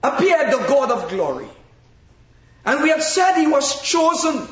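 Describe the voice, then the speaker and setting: Slow, echoey high-voiced male preacher. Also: sing-song, a bit bright. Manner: slow, emphatic preaching with long pauses. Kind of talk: sermon. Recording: very echoey, dull-sounding room.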